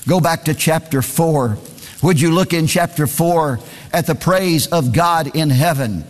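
A man's voice: on the high side, a little slow, long reverb tail. A man preaching a sermon, reading scripture aloud in a singsong cadence and repeating phrases for emphasis.

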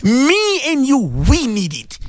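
Male radio preacher, high and animated, dry close studio sound, pleading and insistent. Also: slow, no room sound. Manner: impassioned, pleading, repetitive. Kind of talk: radio sermon.

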